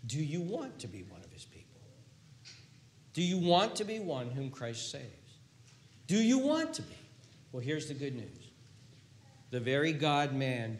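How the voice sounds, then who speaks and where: An older man preaching a sermon in a church, impassioned and repetitive, swinging between hushed tones and booming emphasis. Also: echoey room, a little hiss or hum. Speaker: pastor. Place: church sanctuary.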